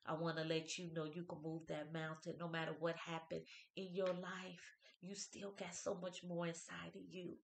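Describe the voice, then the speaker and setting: A woman in her fifties talks in an expressive, churchy way on her birthday vlog, reading out inspirational quotes and commenting on each one. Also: fairly low pitch, moderate pace, gravelly, echoey room, slight background noise. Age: 50s. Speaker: vlogger.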